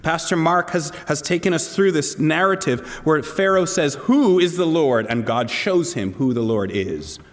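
A man's voice: on the high side, lively intonation, moderate pace, few pauses, a bit bright, long reverb tail. A man preaching a sermon to a congregation, earnest and asking them direct questions. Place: church hall.

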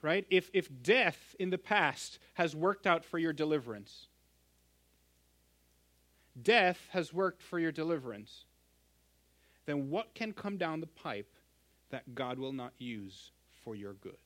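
A middle-aged man pastor preaching a sermon, earnest and emphatic, swinging from loud stresses to hushed endings. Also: on the high side, animated, takes it slowly, pauses often.

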